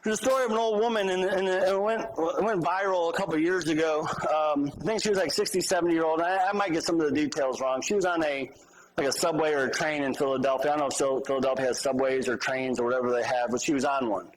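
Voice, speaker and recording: Animated pastor preaching in a high voice. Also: male voice, fast talker, low-quality recording. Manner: conversational, animated, humorous asides. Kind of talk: sermon.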